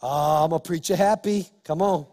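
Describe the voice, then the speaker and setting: Man preaching, high voice, impassioned and rising to shouts, long reverb of a church hall. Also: brisk. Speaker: pastor. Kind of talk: sermon.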